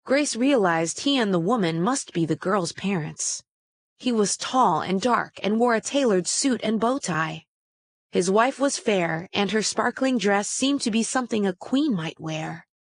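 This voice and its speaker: A woman's voice: mid-range voice, expressive, measured pace, no room sound. Woman reading a children's story. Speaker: storybook reader. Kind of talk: children's story read-aloud.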